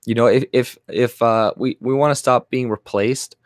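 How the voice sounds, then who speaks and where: A man's voice: mid-range voice, fairly even intonation, moderate pace, dry recording, studio quality. A man from Canada ranting angrily on his channel, rambling and swearing with many fillers and restarts. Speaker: vlogger. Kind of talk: profane ranting monologue.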